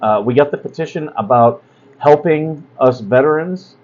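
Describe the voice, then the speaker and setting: A man's voice: on the high side, moderate pace. Blunt rambling man on a dull lo-fi mic. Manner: blunt, rambling, chatty, with fillers and asides. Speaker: host. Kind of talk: casual livestream talk.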